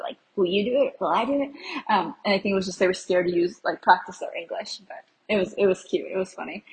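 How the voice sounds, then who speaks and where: A woman's voice: medium pitch, rough recording. Chatty young American woman. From USA. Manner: chatty and rambling, laughing at herself. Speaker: travel podcast host. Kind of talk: casual travel recap.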